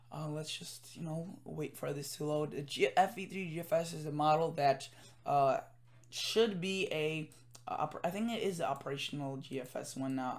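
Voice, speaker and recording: A tired man giving a casual weather forecast from home, rambling with many fillers and self-corrections. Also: on the high side. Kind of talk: casual forecast commentary over screen.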